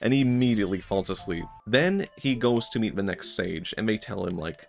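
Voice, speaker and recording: A man's voice: lowish voice, very animated, brisk, gravelly, few pauses, soft background music. A man streaming, talking in a rambling, reflective way, full of filler words and frequent laughs. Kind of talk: casual stream chat.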